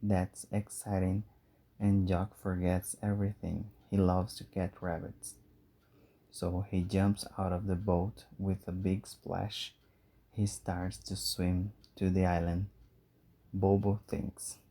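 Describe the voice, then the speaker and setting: A man narrating a simple storybook for learners in a clear, measured way. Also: sits low, level tone, warm tone. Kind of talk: slow storybook reading for learners.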